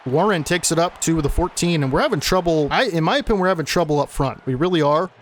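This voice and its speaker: Man, slightly high voice, casual play-by-play of his own football video game, sportscaster style, exasperated at bad plays. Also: fast talker. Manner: exasperated when plays go wrong. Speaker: gaming YouTuber.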